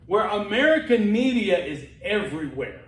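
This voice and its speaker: A man with a fairly high voice lectures to a class in a loose, chatty way, trailing into fillers and restarting his sentences. The sound rings around a reverberant classroom. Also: very animated, moderate pace, a little hiss or hum. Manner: conversational, rambling with many fillers and restarts. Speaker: college instructor.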